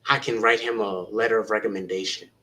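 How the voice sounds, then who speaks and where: Bright voiced teacher guy on a panel, earnest, encouraging the young ones. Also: lowish voice, fairly even intonation, quick pace, slight background noise, low-quality recording. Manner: earnest, encouraging, retells conversations. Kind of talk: panel talk, encouraging youth.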